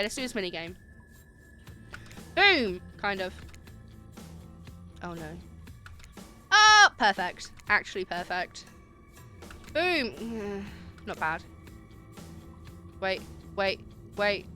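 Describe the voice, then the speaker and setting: Playing a dating game on stream, a woman with a medium-pitched voice giggles and chats casually. She reacts loudly to things and thanks her viewers for the subs they've gifted.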